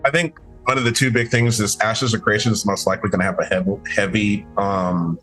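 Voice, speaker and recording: A low-voiced young man talks casually as a podcast guest, circling his points with frequent restarts and fillers. Faint music plays quietly under the talk. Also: flat delivery, fairly quick. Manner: rambling, many restarts and fillers.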